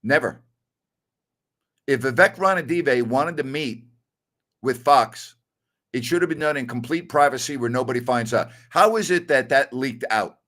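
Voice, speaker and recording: Opinionated middle-aged sports talk host. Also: male voice, medium pitch, moderate pace, long pauses, fairly bright tone. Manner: blunt, opinionated, laughs while telling stories.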